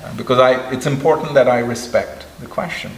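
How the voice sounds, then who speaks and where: A man imitating a gentle elderly male spiritual leader who talks slowly, with long pauses. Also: mid-range voice, echoey room, in a large hall, natural voice, rough recording. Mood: earnest. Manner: slow, drawn-out phrasing with long pauses.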